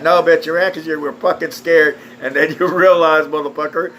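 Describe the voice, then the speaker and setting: A man's voice: on the high side, fairly even intonation, normal speed, few pauses, a bit bright, a little hiss or hum, rough recording. A man delivering a blunt, foul-mouthed, scornful rant straight to camera. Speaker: video ranter. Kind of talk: angry profane rant.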